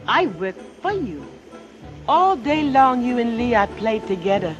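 A woman's voice: a little high, animated, measured pace, dull audio, music in the background. A pushy island mother in broken English. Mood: coaxing. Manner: broken English, blunt persuasive. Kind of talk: 1950s film musical dialogue.

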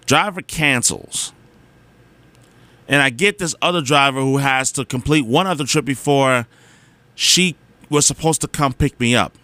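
A young man telling a long everyday story in a casual, animated way, exasperated and self-mocking, with lots of "like" and "you know.". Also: medium pitch, dry recording.

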